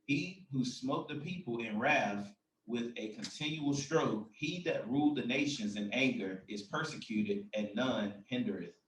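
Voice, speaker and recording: A man reading scripture aloud at a slow, measured pace. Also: mid-range voice, expressive, echoey room, far from the mic, slight background noise, low-quality recording. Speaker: scripture reader.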